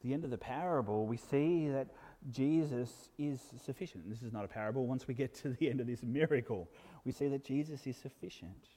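A man's voice: medium pitch, fairly quick. Man preaching in a reverberant hall. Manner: earnest, builds to emphatic peaks, drops to soft asides. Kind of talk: sermon.

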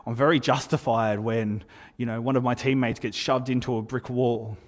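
A man preaching a sermon in a relaxed, conversational way, telling stories with lively asides. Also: medium pitch, moderate pace, long reverb tail. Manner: conversational, animated storytelling with asides. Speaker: pastor.

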